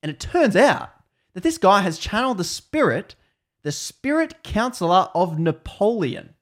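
A man's voice: sits high, normal speed. Australian male podcast host, young, chatty storyteller who laughs a lot and slips into quoted voices. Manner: laughs often, animated retelling with quoted voices. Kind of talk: casual storytelling chat.

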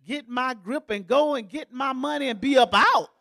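A woman's voice: high-pitched, normal speed, vocal fry, sharp tone. A woman pastor giving a sermon in a folksy, joking, conversational way, as if in a church.

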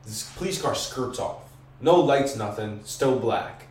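A young man guest on a podcast tells a wild story at normal speed in a mid-range voice, slangy and profane with plenty of "bro" and "like." He's excitable, acting out the voices and screams he describes. He's recorded from a distance in an echoey room with faint hiss.

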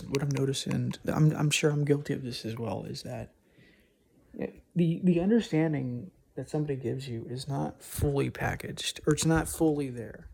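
A man's voice: medium pitch, creaky, a little mellow, slightly rough. A man talking alone on a casual podcast, thinking aloud and rambling with frequent restarts. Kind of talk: casual solo monologue.

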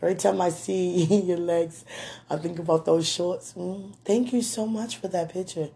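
A woman rambling through a personal message to a man, gushing and giggling often, with a slight lingering throat-clearing. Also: lowish voice, steady tone, normal speed, warm tone. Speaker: admirer speaking to a man on video.

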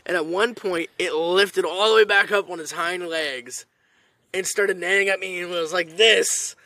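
High bright guy telling a funny story, swears a ton, super animated. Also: no echo. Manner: profane, animated, swears constantly. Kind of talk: comedic storytelling.

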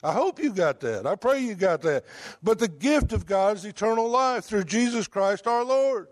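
A man's voice: high voice, expressive, moderate pace. A man preaching a sermon in a conversational way, asking the congregation rhetorical questions.

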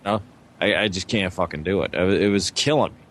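A man's voice: low voice, fast talker, a little hiss or hum. Man telling a rambling personal story. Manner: profane, laughs mid-story, acts out quotes. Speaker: podcast co-host telling a story. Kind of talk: casual chat.

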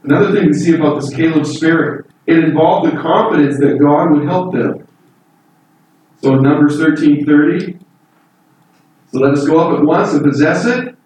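Guy preaching, fairly high voice, sounds far from the mic in a big echoey room. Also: darkish tone. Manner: earnest, emphatic, rising pitch on key points. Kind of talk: sermon.

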